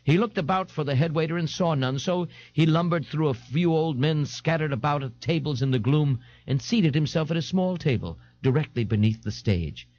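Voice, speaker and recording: A man narrating an audiobook in an expressive, dramatic reading. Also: a little high, moderate pace, few pauses. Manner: expressive, animated. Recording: dull lo-fi 1980s audiobook tape.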